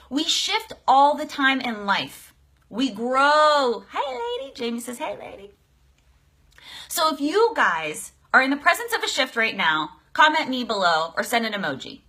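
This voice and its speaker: Bright, high-voiced woman life coach. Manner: energetic, exclaiming, casual swearing. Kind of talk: live-streamed coaching talk. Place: live video stream.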